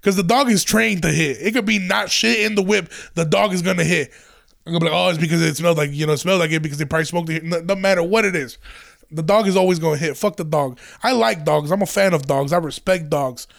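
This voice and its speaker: High gravelly young man telling a story. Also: fast talker. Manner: profane, rambling, animated retelling with quoted voices. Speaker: stand-up comedian. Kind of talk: casual storytelling.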